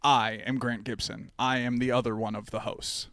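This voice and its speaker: A man's voice: mid-range voice, little pitch movement, moderate pace, fairly bright tone, no room sound. A man co-hosts a casual podcast, rambling and joking as he talks and breaking into laughs often. His voice sits in a middling range and sounds close and dry, with little room around it. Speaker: podcast co-host. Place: podcast studio.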